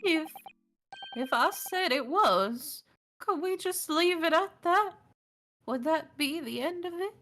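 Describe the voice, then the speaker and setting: A woman's voice: very high voice, expressive, slow, fairly bright tone, soft background music, exaggerated voice. A woman doing a cagey, needling old man. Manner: evasive, needling. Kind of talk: reading game dialogue aloud.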